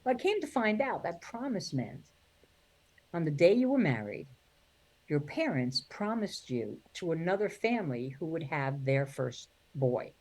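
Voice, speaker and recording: A woman's voice: low-pitched, very animated, unhurried, darkish tone. A middle-aged woman, a singer and comedian, telling family stories in an interview, acting out relatives' voices and laughing often. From New York. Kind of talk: animated storytelling interview.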